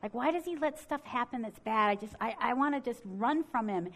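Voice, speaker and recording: A middle-aged woman quoting a troubled young woman, in a halting, hesitant way. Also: on the high side, animated, a bit bright. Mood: hesitant, upset. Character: troubled young woman, tearful then joyful.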